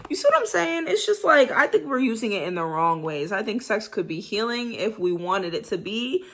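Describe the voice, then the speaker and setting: A young woman talking in a candid, slangy vlog monologue, animated and sometimes dropping into soft breathy whispers. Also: fairly high pitch, a little fast, few pauses. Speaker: vlogger.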